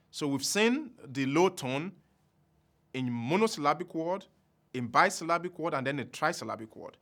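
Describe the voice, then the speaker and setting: A man with a Yoruba accent teaching a language lesson, speaking deliberately and repeating words for drills. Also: a little high, fairly bright tone. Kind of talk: slow spoken language lesson.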